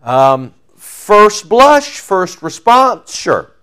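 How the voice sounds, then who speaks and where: A man's voice: sits high, big pitch swings, extremely slow, bright, forceful tone, smooth. A man preaching verse by verse, reading scripture aloud and then explaining it in a casual, conversational way. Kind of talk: verse-by-verse Bible teaching.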